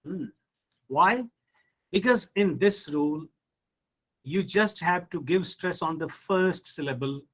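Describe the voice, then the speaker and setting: A man teaches pronunciation in an online lesson. His voice sits high and he speaks slowly and deliberately. He drills the class on one word at a time and poses questions that he then answers himself. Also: a bit bright, rough recording.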